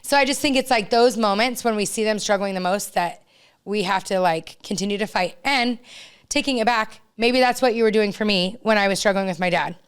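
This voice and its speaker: Woman podcast co-host, clear resonant voice, heartfelt and chatty, sharing life stories. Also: medium pitch, fairly quick. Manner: earnest, heartfelt storyteller with many "like" fillers. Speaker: youth team coach. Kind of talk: casual storytelling chat.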